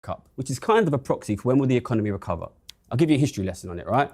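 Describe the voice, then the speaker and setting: A man's voice: medium pitch, big pitch swings, racing, darkish tone. A man in his thirties making an emphatic, rhetorical case in a debate clip. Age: 30s. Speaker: economics commentator. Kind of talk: debate argument.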